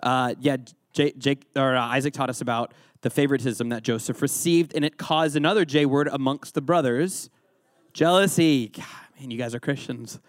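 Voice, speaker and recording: A man's voice: medium pitch, normal speed, no room sound, studio quality. A man leading an interactive Bible lesson as a youth pastor, quizzing his listeners and joking along the way. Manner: playful, joking, quizzes the audience.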